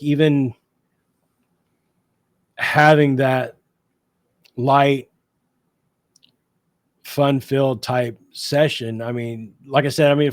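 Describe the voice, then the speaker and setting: A man's voice: mid-range voice, darkish tone, no echo. A man talking casually on a radio show about paranormal investigations, upbeat and rambling with many fillers. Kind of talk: casual chat.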